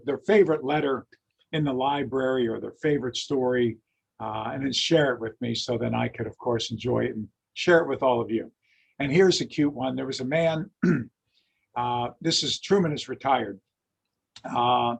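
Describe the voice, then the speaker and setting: Male history lecturer, husky and gravelly, an animated anecdote-teller. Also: medium pitch. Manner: animated storyteller, acts out quotes. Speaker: lecturer and teacher.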